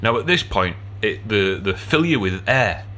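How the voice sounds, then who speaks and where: A man's voice: on the low side, animated, moderate pace, pushed and bright. A man telling a story in casual podcast chat, swearing and laughing as he goes. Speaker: podcast co-host.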